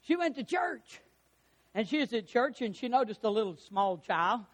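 High-voiced fervent preacher man. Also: very animated, normal speed. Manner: fervent, rising to shouts on key lines; preaching with call-and-response questions to the congregation. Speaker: pastor. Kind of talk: sermon.

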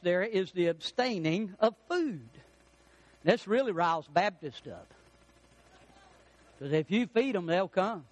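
A man's voice: high voice, no echo. A man preaching a sermon, emphatic, drawing out the words he stresses.

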